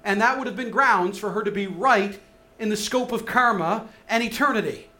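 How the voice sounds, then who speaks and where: A man preaching a sermon, moving between soft, hushed lines and loud, rising emphasis. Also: sits high, normal speed. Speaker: pastor.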